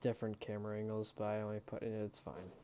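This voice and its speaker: A man giving deadpan remarks as co-commentator on a race broadcast. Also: fairly low pitch, quick pace, highs cut off, a little hiss or hum. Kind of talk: casual commentary banter.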